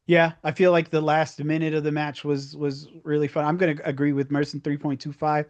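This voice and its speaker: A man's voice: a little high, little pitch movement, a little fast, dull audio. A man hosting a wrestling review podcast, agreeable and steering the talk through its segments. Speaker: podcast host. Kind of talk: casual wrestling review chat.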